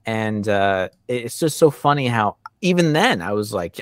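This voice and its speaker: A man hosting a podcast, chatting casually, animated and laughing as he acts out what others said. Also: on the low side, normal speed, dry recording, studio quality. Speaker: podcast host. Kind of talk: casual conversation.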